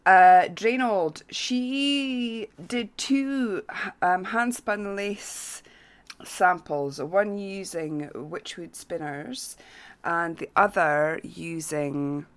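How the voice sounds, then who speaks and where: Woman podcast host, lowish voice, slow unhurried reading of listener notes, casual. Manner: slow, halting reading with fillers.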